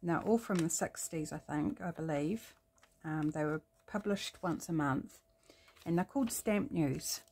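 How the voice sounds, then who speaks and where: A woman's voice: deep voice, measured pace, darkish tone, breathy edge. A middle-aged woman with a New Zealand accent talks through a collage craft project in a rambling, chatty way, thinking aloud with frequent ums. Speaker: craft vlogger. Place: home craft desk.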